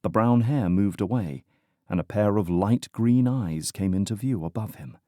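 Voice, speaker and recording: A man narrating a romantic suspense audiobook in a measured, even way. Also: lowish voice, no room sound, clean studio sound. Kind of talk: scripted narration.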